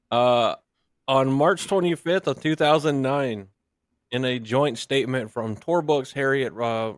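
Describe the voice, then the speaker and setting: A young man co-hosting a casual podcast chat, mixing deadpan jokes with facts he reads out. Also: medium pitch, slow, no room sound, clean studio sound. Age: young adult. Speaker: podcast co-host.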